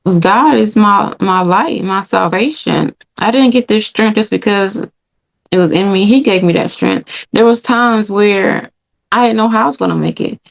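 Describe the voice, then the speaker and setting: Gravelly-voiced woman sharing faith testimony. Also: mid-range voice, moderate pace. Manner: earnest, faith-filled, repeats phrases for emphasis. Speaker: podcast host. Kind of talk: personal testimony podcast.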